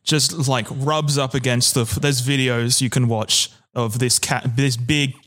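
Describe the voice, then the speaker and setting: A man co-hosting a podcast who tells stories in casual chat, rambling and self-deprecating and often restarting his sentences. His voice sits at a middling pitch. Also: steady tone, a little slow, fairly bright tone. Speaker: podcast co-host.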